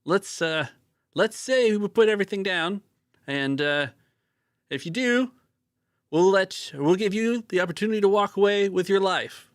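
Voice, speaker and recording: A man voicing a gruff road warrior who bargains with an enemy, in a put-on Australian accent that he knows is bad. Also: expressive, moderate pace, no echo, clean studio sound. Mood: bold bargaining. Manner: loud, high-pitched, self-consciously hammy.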